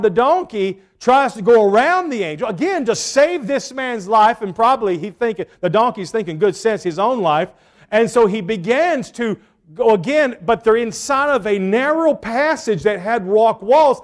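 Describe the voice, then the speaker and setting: A man preaching a sermon as a pastor, retelling a story in an animated way and acting out the quotes. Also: very high voice, moderate pace.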